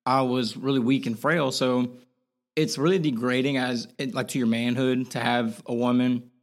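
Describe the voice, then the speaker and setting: A man's voice: mid-range voice, fairly even intonation, moderate pace. Casting: young adult male guest, candid and loose, filler-heavy everyday speech. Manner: casual, frank, lots of "like" fillers. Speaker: podcast guest. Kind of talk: candid conversational interview.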